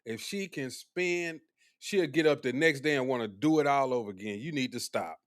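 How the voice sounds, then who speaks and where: A young man hosting a casual live stream, animated and teasing as he talks back to his chat. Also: mid-range voice, normal speed. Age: young adult.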